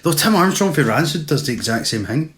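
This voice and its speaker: A man's voice: fairly high pitch, big pitch swings, fairly quick, a bit bright. A Scottish man co-hosting a podcast, chatting casually in sweary, laughing, ranting banter. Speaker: podcast co-host. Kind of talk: casual chat.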